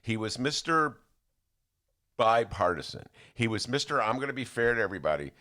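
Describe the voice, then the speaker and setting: A man's voice: medium pitch, normal speed. A man hosting a casual studio podcast, joking and slipping into impressions as he talks. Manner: animated, jokey, slips into impressions. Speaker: podcast host. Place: radio studio.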